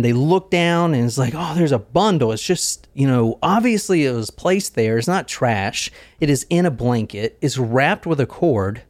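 A man's voice: medium pitch, darkish tone, no echo. A young man hosting a podcast, telling a true crime story casually, joking and swearing. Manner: joking, swearing, laughs often. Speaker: podcast host.

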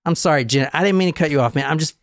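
A man's voice: on the high side, racing. A man hosting a podcast, ranting heatedly and swearing freely in a casual chat, speaking into a studio mic. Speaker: podcast host.

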